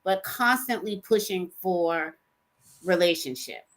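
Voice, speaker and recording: A woman's voice: fairly low pitch, slow pace, fairly bright tone. A woman co-hosting a casual faith-based chat, telling a personal story and acting out the dialogue with jumps in her voice. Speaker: co-host.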